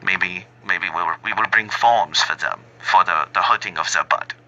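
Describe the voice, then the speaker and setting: A man putting on a bumbling, halting German accent, playing an overly polite German man who keeps searching for his words. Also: low-pitched, pushed and bright, lo-fi sound, heavily acted. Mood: mocking. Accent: put-on German.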